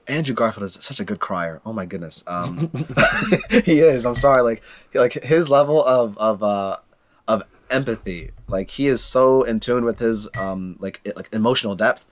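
A young man in casual chat, retelling film scenes in an animated way, with many fillers and repeated words. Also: on the low side, normal speed. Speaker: movie discussion co-host.

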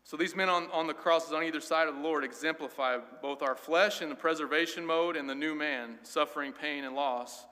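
A man's voice: on the high side, a little fast, few pauses, sharp tone. A man teaching a Sunday school Bible class in an earnest, emphatic way, often repeating words as he goes. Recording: long hall reverb.

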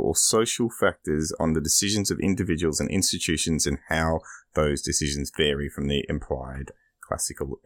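A man's voice: sits low, no echo, studio quality. A man co-hosting a podcast, chatting casually and rambling, losing his train of thought. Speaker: podcast co-host. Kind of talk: casual chat about video games.

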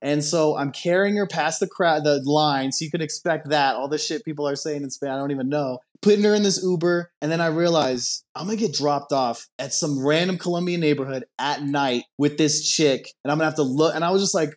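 A man telling a long story in casual podcast chat, rambling and animated with lots of fillers. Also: fairly high pitch, brisk, hardly any pauses. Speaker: storyteller guest.

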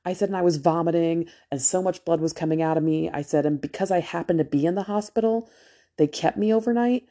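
A woman's voice: fairly low pitch, quick pace, mellow. Woman, about 40, nurse; casual profane storyteller, just back from a procedure. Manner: candid, profane, chatty. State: just out of anesthesia after a procedure.

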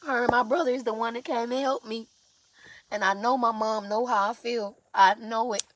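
A woman's voice: a little high, fairly even intonation, moderate pace, a little hiss or hum. A woman in an emotional confessional vlog, exhausted and sleepless, talking in raw, profane outpourings. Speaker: vlogger.

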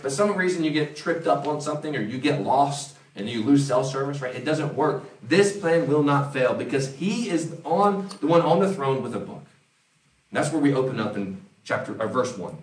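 A man's voice: mid-range voice, expressive, moderate pace. A man preaching a conversational sermon, acting out quoted voices as he goes. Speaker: pastor. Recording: roomy, from a distance.

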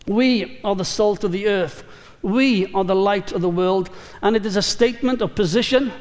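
A man preaching a sermon as pastor, measured and emphatic, building through repeated phrases. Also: sits high. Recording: long reverb of a large hall.

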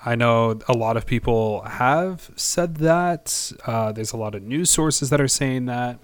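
A man's voice: medium pitch, animated, no echo. A man co-hosting a casual sports podcast, rambling and hesitant, often poking fun at himself. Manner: rambling, halting, self-deprecating. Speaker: podcast co-host.

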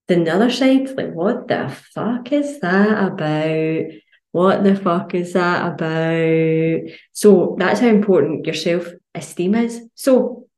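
A Scottish woman coaching on women's health in a casual podcast monologue, blunt and sweary, telling stories with lots of energy. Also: fairly low pitch. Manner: blunt, sweary, animated storytelling. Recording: roomy echo.

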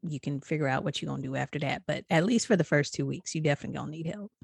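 A woman's voice: deep voice, very fast, creaky, husky, no room sound, studio quality. A woman co-hosting a podcast in casual chat, telling her own story candidly and animatedly. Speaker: podcast co-host.

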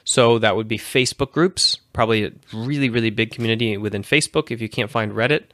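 Low-voiced casual male streamer. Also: fast talker, a bit bright, no echo, studio quality. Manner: rambling, self-correcting, informal. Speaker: host. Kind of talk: casual livestream chat.

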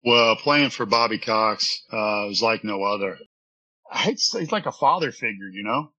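A former baseball pitcher telling an earnest, rambling story from his office during an interview. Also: expressive, moderate pace, pushed and bright, muffled recording.

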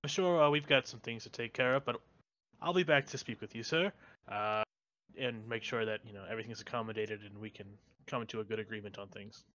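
A man's voice: on the low side, brisk, bright, forceful tone, no echo, highs cut off. A man voicing a polite, courteous male owner in a tabletop game, speaking formally and reassuringly.

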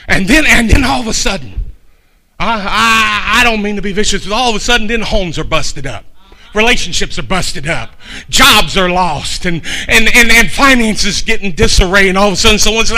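An older man, a pastor, preaching a fiery sermon that swings from hushed asides to shouting. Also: sits high, lively intonation, normal speed.

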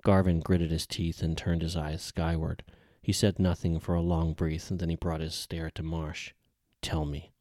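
A man reading a novel aloud in measured, even audiobook narration. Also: low-pitched, no room sound, clean studio sound.

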